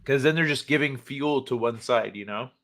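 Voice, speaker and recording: Bright-voiced casual male streamer. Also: mid-range voice, moderate pace. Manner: chatty, swears casually, reads articles with asides. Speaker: livestream host. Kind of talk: casual chat reading news and chat aloud.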